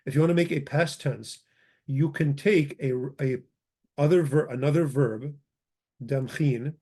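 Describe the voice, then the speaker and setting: A man's voice: a little high, a little slow, a little mellow. A man giving an informal grammar lesson, reading from a textbook, thinking aloud and correcting himself as he goes. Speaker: language teacher.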